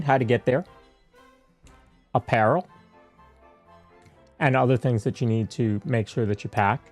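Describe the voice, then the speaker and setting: A man co-hosting a casual podcast, easygoing and quick to laugh as he walks through a list of topics. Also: mid-range voice, a little mellow. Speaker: podcast co-host.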